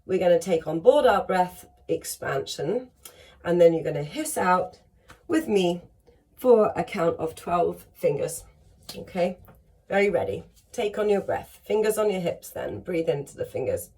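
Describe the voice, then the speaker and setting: A woman's voice: on the low side, very animated, measured pace, a little mellow. A woman teaching a singing lesson on breathing, upbeat and encouraging, talking straight to her students and showing each exercise.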